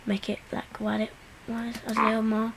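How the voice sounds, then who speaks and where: A woman's voice: on the high side, normal speed, gravelly. Chatty girl gaming at home, keeps joking at herself, lots of noise behind her. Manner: excitable, self-mocking, chatty. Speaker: gameplay commentator. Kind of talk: casual gameplay commentary. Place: home, seated at computer. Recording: loud background noise.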